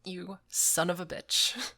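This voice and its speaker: A woman's voice: lowish voice, steady tone, slow, sharp tone. A woman co-hosting a podcast, recapping a game in casual chat, swearing freely and sounding exasperated. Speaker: podcast co-host.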